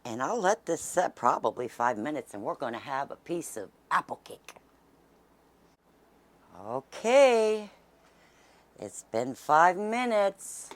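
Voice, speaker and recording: A woman's voice: sits low, very animated, normal speed, few pauses, a bit bright. Folksy woman chatting while baking. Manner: chatty and folksy, drops to a near whisper at times. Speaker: cooking channel host. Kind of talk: casual cooking demonstration. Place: home kitchen.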